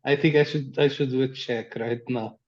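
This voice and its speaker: A man's voice: mid-range voice, steady tone, normal speed. A man playing a tabletop game, hesitant and stumbling over his words, on dull lo-fi audio. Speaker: player. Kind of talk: casual tabletop play.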